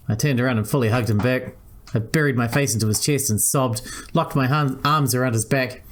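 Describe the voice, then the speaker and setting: A man's voice: mid-range voice, brisk. A man hosting a let's-play, reading a visual novel aloud and switching between narration and character voices.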